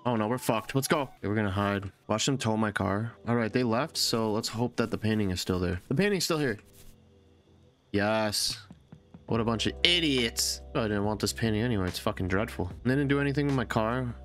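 A man giving profane, excitable let's-play commentary as a gaming YouTuber, often yelling at the game. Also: fairly low pitch, quick pace, few pauses.

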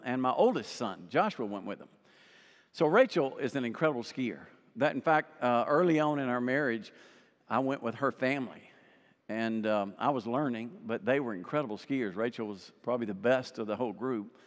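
A man in his sixties preaching a sermon as a pastor, conversational and earnest, swelling to emphatic peaks and dropping to soft asides. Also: medium pitch, moderate pace. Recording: long hall reverb.

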